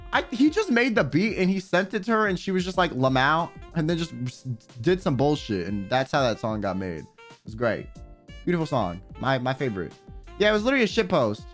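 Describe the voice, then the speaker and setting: A young man chatting casually on a livestream, telling a story with lots of swearing and sudden high yelps. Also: a bit bright. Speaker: streamer. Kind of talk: casual stream chat.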